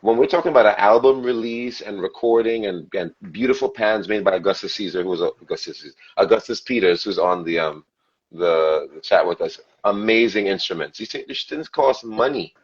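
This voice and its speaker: A man hosting a casual live podcast, an animated storyteller who slips into mimicked accents. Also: fairly low pitch, fairly quick, breathy edge. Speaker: podcast host and steelpan player. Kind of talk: casual chat on an online live stream. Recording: muffled lo-fi stream audio.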